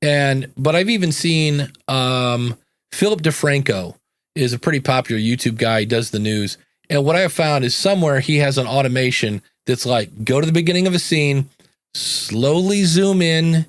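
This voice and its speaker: Male podcast host, mid-pitched, conversational, dry close mic. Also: no room sound. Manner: chatty, reads listener comments aloud. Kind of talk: casual livestream chat.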